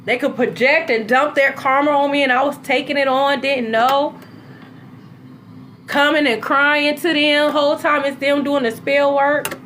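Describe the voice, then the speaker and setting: A woman talking in a casual, animated monologue as a spiritual content creator, cursing freely and swinging between low and high tones. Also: a little slow, slight background noise.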